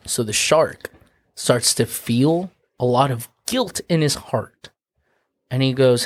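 A man's voice: mid-range voice, unhurried, no echo, clean studio sound. A man casually retelling a folk tale on a podcast, swearing freely and acting out the characters' lines. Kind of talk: casual storytelling with crude humor.

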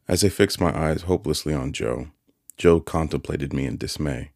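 Very deep-voiced male audiobook narrator. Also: normal speed, vocal fry, darkish tone, no echo, clean studio sound. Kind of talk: scripted narration of a classic novel.

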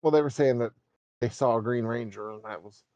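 A man's voice: mid-range voice, brisk, darkish tone, muffled recording. A man co-hosting a gaming podcast in casual chat, teasing his co-host and sharing news. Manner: teasing, laughs often, shares news.

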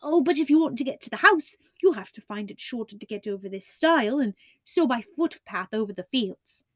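A woman voicing a chatty country coach driver, a man with broad rustic speech who talks quick and eager, in a storybook reading. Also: fairly high pitch, animated, fairly bright tone, no room sound.

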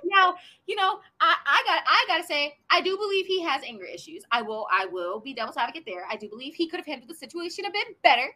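Podcast co-host, woman; bright, high voice that swoops around, profane animated storyteller. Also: fast talker, hardly any pauses. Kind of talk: casual podcast chat.

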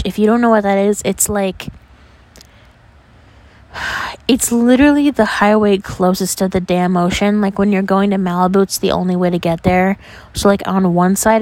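A young woman from New York tells stories on her podcast in a loose, chatty way. She peppers every sentence with "like" and lets the odd curse slip. Her delivery is animated and conversational. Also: mid-range voice, no echo. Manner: chatty, animated, heavy use of "like", casual swearing. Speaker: podcast host. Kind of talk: casual storytelling.

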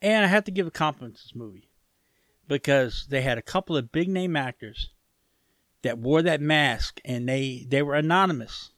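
A man chatting on a podcast who digs in on his opinions and needles the others with sarcasm and swearing. His voice sits a touch high. The sound is close and dry. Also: animated, moderate pace, fairly bright tone, no echo. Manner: contrarian, stubborn, sarcastic, swears. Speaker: podcast co-host. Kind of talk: casual chat.

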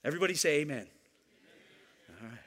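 A man's voice: fairly high pitch, very animated, brisk, a bit bright, long reverb tail. A man preaching a sermon to his church, emphatic and repeating key lines, teasing the congregation now and then. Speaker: pastor.

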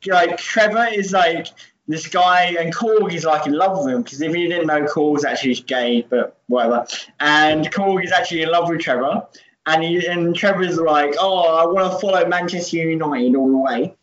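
A man riffing on a podcast in a high, bright-sounding voice, cracking jokes and swearing freely. The recording is dull and lo-fi, with a roomy echo and faint background noise. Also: moderate pace. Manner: joking, sweary, laughing often. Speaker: podcast co-host. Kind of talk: casual chat. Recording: echoey room, dull lo-fi audio.

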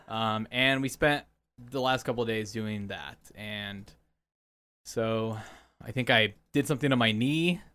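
A man's voice: on the low side, measured pace, bright, forceful tone, clean tone. A young adult man hosting a podcast in a joking, upbeat way, with lots of fillers. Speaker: podcast host. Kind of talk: casual podcast chat.

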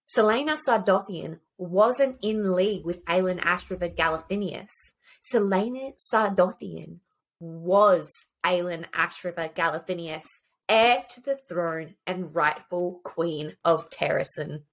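A woman's voice: lowish voice, unhurried. Woman reading book passages aloud. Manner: swears freely, reads quotes aloud with feeling. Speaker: podcast co-host. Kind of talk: casual book chat with read-aloud passages.

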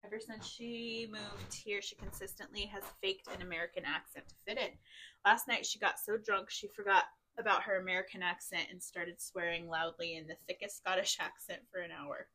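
A woman's voice: medium pitch, fairly even intonation, normal speed, sharp tone. A woman hosting a group chat, reading funny drunken stories aloud to her friends, a little tipsy and giggly. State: tipsy, drinking wine. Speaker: podcast host.

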